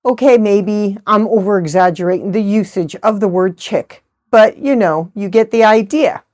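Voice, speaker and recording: A woman's voice: medium pitch, normal speed, darkish tone. A middle-aged woman hosting a crafting vlog, chatting in a rambling, good-humored way. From United States. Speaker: host of a knitting channel. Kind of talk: casual chat.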